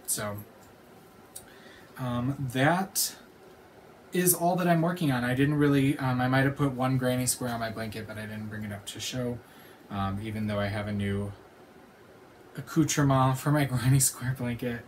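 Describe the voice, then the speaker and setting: A woman's voice: very deep voice, normal speed, long pauses, darkish tone, slight background noise. A woman hosting a knitting podcast, chatting casually and teasingly, laughing often. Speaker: podcast host. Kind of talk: casual chat.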